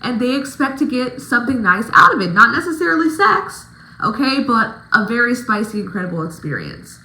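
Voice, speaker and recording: A woman's voice: fairly high pitch, big pitch swings, brisk, sharp tone, echoey room, poor audio. A woman giving casual vlog advice as a dancer coaching other dancers, talking emphatically with plenty of swearing. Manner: emphatic, profane, pep-talk delivery.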